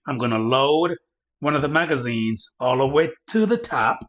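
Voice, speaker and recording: A man giving a casual hands-on product demo, chatting straight to his viewers and getting excited over the results. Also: medium pitch, moderate pace. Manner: chatty, addresses viewers directly, excitable when reading results. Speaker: firearms reviewer.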